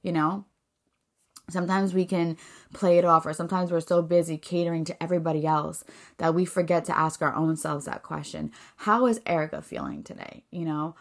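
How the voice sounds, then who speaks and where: A woman's voice: sits low, lively intonation, brisk, creaky. A woman hosting a podcast, reflecting in a casual, faith-based way with many fillers and restarts. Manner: rambling, filler-heavy, earnest. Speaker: podcast host.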